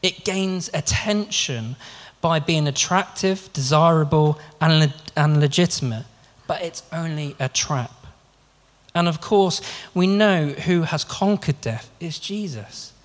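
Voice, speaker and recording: A man's voice: on the high side, measured pace. A man preaching a sermon in an earnest, conversational way, often restarting his sentences. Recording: long reverb of a large hall.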